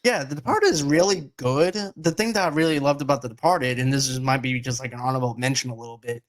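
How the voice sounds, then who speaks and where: A man's voice: mid-range voice, fast talker. A man with a Boston accent hosting a casual movie chat, talking in an enthusiastic, rambling way. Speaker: podcast host.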